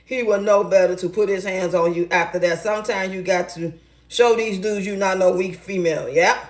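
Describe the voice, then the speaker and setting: A middle-aged woman in casual storytelling chat, loud, blunt and profane, talking in her home kitchen. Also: mid-range voice, steady tone, normal speed, echoey room. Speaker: relationship advice vlogger.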